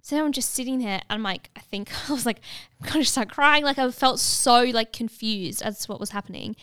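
A young woman telling a story in casual chat, animated and full of fillers, acting out what others said. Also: fairly high pitch, a little fast, clean tone, no room sound, clean studio sound. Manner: animated, many filler "like"s, acts out dialogue.

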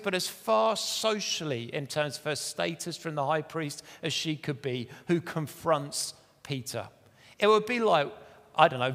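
A man's voice: a little high, fairly bright tone, big-room sound. A man preaching a sermon, telling the story in an earnest, conversational way with self-deprecating asides.

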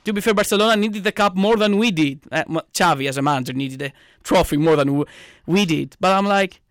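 A slightly high-voiced man talks fast and excitably, ranting about his team. He breaks into loud, exasperated outbursts. His voice is close and dry, with no room sound. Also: dry recording. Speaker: podcast co-host, football fan. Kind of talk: casual chat.

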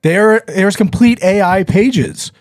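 A man's voice: high voice, slow pace, no room sound, clean studio sound. A young man co-hosting a podcast in casual chat, rambling, dropping lots of "like" and swearing freely. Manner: rambling, leans heavily on "like"; swears freely and laughs between lines. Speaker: podcast co-host.

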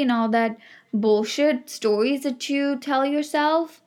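A woman's voice: high-pitched, takes it slowly, a little mellow. Earnest woman giving a motivational talk. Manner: earnest, emphatic, repetitive affirmations with frequent "like". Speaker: self-help speaker. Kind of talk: motivational monologue.

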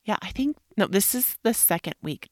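A woman's voice: mid-range voice, expressive, normal speed, dry recording, clean studio sound. A woman in her thirties hosting a casual solo podcast, talking candidly and rambling, sometimes dropping into whispers and swearing. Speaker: podcast host.

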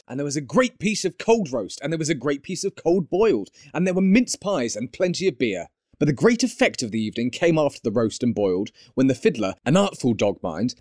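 A man narrating an audiobook in an animated, expressive storytelling manner. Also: a little high, dry recording, studio quality. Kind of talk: scripted narration.

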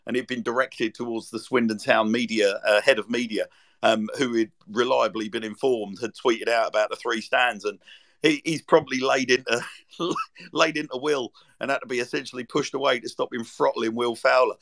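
A man chatting as co-host of a football podcast, mid-pitched with a gravelly edge. He rambles through long stories with frequent fillers and false starts. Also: steady tone, moderate pace, fairly bright tone. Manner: rambling, full of fillers and restarts. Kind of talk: casual chat.

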